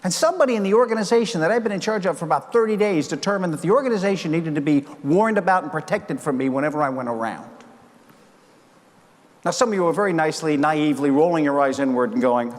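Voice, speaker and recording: A man's voice: fairly high pitch, fast. A man in his sixties, a keynote speaker, telling stories on stage and acting out the dialogue. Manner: animated storyteller acting out dialogue. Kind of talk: keynote speech storytelling. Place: large conference hall. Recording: long hall reverb.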